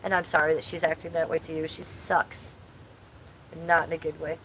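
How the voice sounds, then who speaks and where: Woman streamer in her forties, lowish voice, blunt crude chatter, webcam mic at home, faint room hum. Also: little pitch movement, moderate pace, a bit bright, rough recording. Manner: blunt, crude and chatty, reading chat aloud. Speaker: livestream host. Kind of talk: casual livestream chat.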